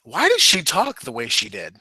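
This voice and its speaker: Bright, joking man on a podcast. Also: a little high, huge pitch swings, normal speed, husky, no room sound. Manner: joking, profane, quotes people in silly voices. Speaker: podcast co-host. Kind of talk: casual chat.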